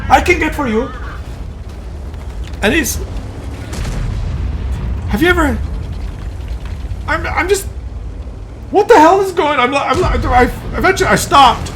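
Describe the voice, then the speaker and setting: Guy vlogging, fed up and animated, lots of stop-start restarts, faint background noise. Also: very high-pitched, unhurried, pauses often. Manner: exasperated, animated, many restarts. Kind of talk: comic storytelling to camera.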